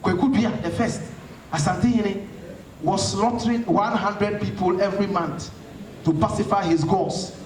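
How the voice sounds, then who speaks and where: Fired-up guy from ghana preaching at a crowd, high voice, far off in a boomy hall. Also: measured pace, a little mellow, slight background noise. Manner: fiery, rhetorical, preaching tone. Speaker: speaker answering audience questions. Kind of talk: impassioned public talk.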